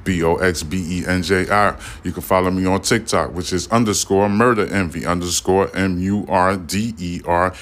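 A man's voice: sits low, steady tone, normal speed, few pauses. A man hosting his own solo podcast, ranting heatedly and with lots of swearing, often turning to the listener to drive his point home. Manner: addresses listeners directly, repeats points. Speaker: podcast host.

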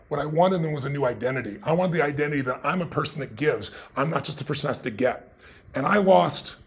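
Gravelly fast-talking man telling stories. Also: a little high. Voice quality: gravelly and raspy. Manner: emphatic, swings into loud excited retellings. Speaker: guest. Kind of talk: animated storytelling in conversation.

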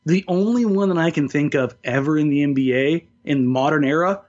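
A man's voice: a little high, a little fast, a little mellow. A man co-hosting a podcast, talking sports in a loose, jokey way with many restarts. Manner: talkative, jokey, frequent restarts. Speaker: podcast co-host. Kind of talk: casual sports chat. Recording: dull lo-fi sound.

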